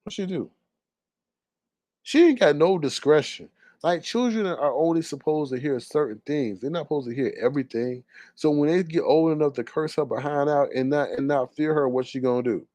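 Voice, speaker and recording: A man's voice: on the high side, moderate pace, dark tone, dry recording. A young man, gossiping sassily in casual commentary with laughing asides. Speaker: commentary vlogger.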